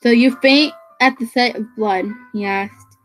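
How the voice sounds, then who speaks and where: Casual reader: a woman with a raised pitch who trips over words while reading a novel aloud. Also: a little slow, soft background music, poor audio. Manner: stumbling over words, restarting phrases.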